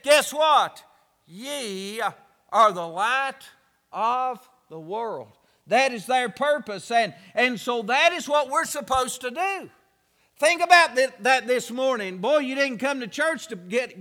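Pastor, male, very high and bright voice, emphatic drawn-out preaching, reverberant church hall. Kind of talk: sermon.

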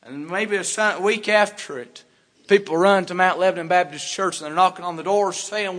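A man preaches a fervent sermon from the pulpit, swinging from hushed warnings to loud, emphatic outbursts. His voice sits a little high for a man. The church sanctuary adds a long, ringing reverb. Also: steady tone, moderate pace. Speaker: pastor.

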